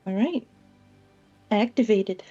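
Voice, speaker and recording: A woman with a warm, mellow voice plays in a tabletop game, hedging her words with plenty of fillers. The recording sounds dull and lo-fi, with faint music behind. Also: medium pitch, expressive, slow. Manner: hesitant, filler-heavy. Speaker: player. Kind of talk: casual tabletop play.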